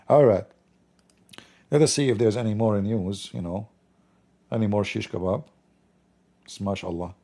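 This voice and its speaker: Gravelly sarcastic man streaming commentary. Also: fairly low pitch, animated, slow pace, long pauses, dark tone. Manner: sarcastic, mock-outraged joking. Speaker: live stream host. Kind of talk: joking live news commentary.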